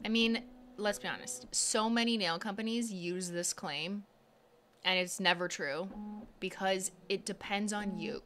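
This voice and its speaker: Chatty bright-voiced woman streamer. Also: medium pitch, slight background noise. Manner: chatty, exasperated, talks straight to viewers. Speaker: nail art streamer. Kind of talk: live stream chat.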